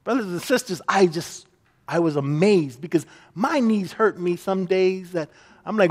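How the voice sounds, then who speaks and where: A man's voice: sits high, moderate pace, big-room sound. A man preaching a sermon as pastor, earnest, and often acting out the people he quotes.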